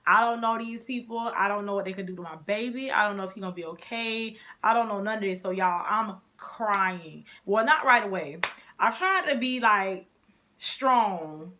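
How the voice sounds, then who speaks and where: A young woman vlogger telling her story in a casual, animated way, talking straight to her viewers. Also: mid-range voice, moderate pace, a little hiss or hum.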